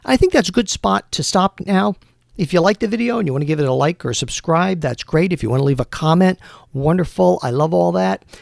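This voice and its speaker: A man's voice: sits high, animated, brisk, gravelly, dry recording, studio quality. A man narrating a solo tabletop role-playing game as game master, in a casual, rambling way.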